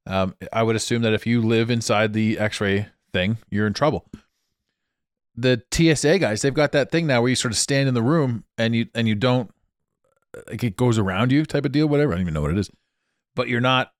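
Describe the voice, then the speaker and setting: A Canadian man hosts his own podcast, rambling along with frequent laughs. His voice sits on the low side but moves up and down with lively swings. The sound is dry and close, from a small dampened room on a portable mic. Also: no echo. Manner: chatty, rambling, laughs often. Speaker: podcast host. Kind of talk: solo podcast monologue. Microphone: portable travel mic.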